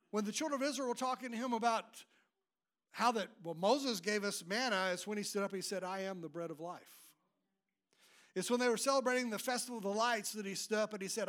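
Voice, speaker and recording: A man's voice: high voice, fairly quick, a bit bright. A man preaching an emphatic sermon as pastor, often repeating and restarting his words.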